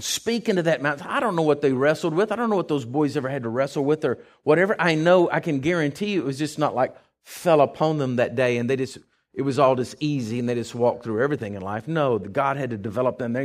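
A man delivering a sermon at a middle pitch. He moves between loose, conversational storytelling with filler words and restarts and emphatic, repeated declarations aimed at his congregation. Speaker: preacher.

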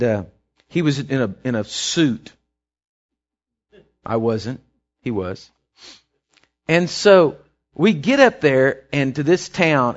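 A man preaching a sermon, telling a story in a folksy, rambling way. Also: mid-range voice. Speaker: pastor. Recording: dull lo-fi recording.

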